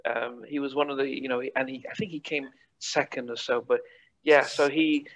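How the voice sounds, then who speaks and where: A man hosting a casual interview, asking halting questions with frequent restarts. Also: medium pitch, fairly even intonation, fairly bright tone, rough recording. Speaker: host.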